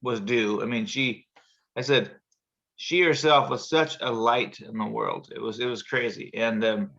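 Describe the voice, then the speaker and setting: A man with a bright, forceful voice tells a long, rambling story in casual chat. He acts out the people in it with sudden high jumps in his voice. The audio sounds slightly dull and muffled, as over a video call. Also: fairly even intonation, unhurried, vocal fry. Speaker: show host telling a story.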